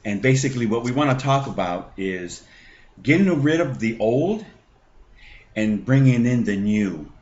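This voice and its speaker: A middle-aged man hosting a faith podcast, telling a personal testimony in a halting way full of fillers and restarts. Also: medium pitch, lively intonation, darkish tone, dull audio. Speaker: podcast host.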